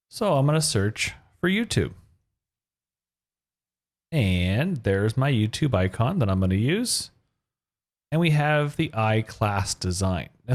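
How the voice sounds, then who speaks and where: A man's voice: mid-range voice, a little mellow. A man hosting a web design tutorial, talking through each step of his code as he types it. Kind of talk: screen-recorded coding tutorial.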